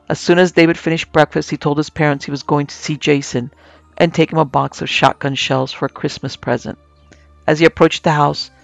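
A man narrating a scripted horror story in a slow, measured way as podcast host. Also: fairly high pitch, creaky, no echo.

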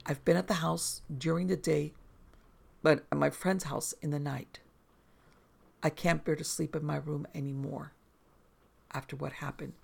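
A narrator reading first-person horror stories aloud in a steady, measured way, as scripted storytelling. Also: mid-range voice, creaky.

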